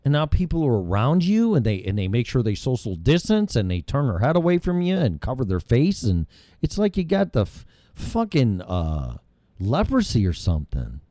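A middle-aged man hosts his own show, launching into a heated, rambling, profanity-laced rant. His medium-pitched voice swoops wildly up and down at a moderate pace, dark in tone, captured cleanly in a studio with no echo.

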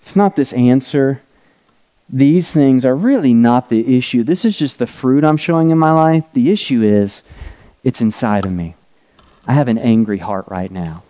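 A man's voice: mid-range voice, moderate pace, mellow. A middle-aged man preaching a conversational teaching sermon, drawing a diagram on a board as he talks and often checking in with "right?" and "okay?". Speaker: pastor.

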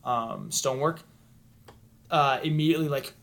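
A man's voice: mid-range voice, moderate pace, gravelly, a bit bright. A man running a tabletop game as game master, narrating scenes and rulings with many ums. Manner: hesitant, many ums while describing.

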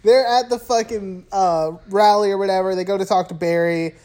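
A woman's voice: mid-range voice, fairly even intonation, normal speed, dark tone. A woman podcast host in casual chat, recapping a film with plenty of swearing and laughter, acting out the characters' lines.

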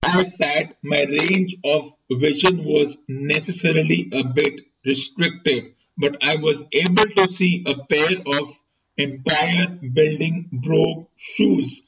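A man hosting a podcast, slowly and deliberately reading a story aloud. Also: fairly high pitch, gravelly, fairly bright tone. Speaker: podcast host and reader. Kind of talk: audiobook-style reading aloud. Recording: distant, muffled, noisy recording.

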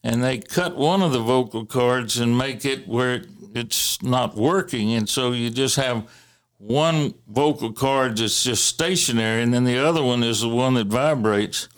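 A man casually telling family stories in a halting way, with many fillers and restarts and the odd chuckle. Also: medium pitch. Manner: chuckles while recalling. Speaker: interviewee recalling family history. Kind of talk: casual storytelling.

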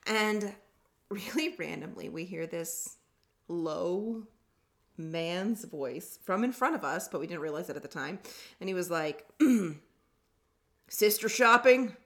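A woman's voice: on the low side, a little slow. A woman co-hosting a podcast, telling stories in casual chat and laughing easily. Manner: chatty storyteller, laughs easily. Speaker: podcast co-host.

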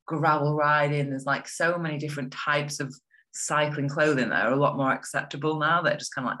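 Bright-voiced chatty young woman. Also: low-pitched, fairly even intonation, fairly quick. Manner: chatty, filler-heavy, enthusiastic. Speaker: guest. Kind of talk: casual interview chat.

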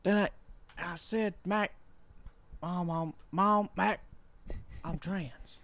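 A man doing a halting older politician. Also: high-pitched, steady tone, fairly bright tone, pitched above the performer's own voice, heavily acted. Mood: indignant.

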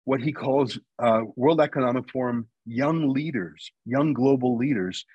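Guest spot: husky, dry-sounding man from Canada, opinionated, presses his points hard. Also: medium pitch, unhurried, no echo, muffled recording. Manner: argumentative, emphatic, builds points with rhetorical questions. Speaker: guest, news company founder. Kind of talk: radio interview talk.

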